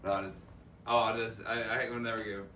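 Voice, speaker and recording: A man joining a friendly podcast chat, tossing in jokes and playful quotes with laughter. His voice sits on the lower side, heard with a roomy echo from a distant mic over a faint hiss. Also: little pitch movement, moderate pace, sharp tone. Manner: joking, acting out quotes, laughing. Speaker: podcast co-host.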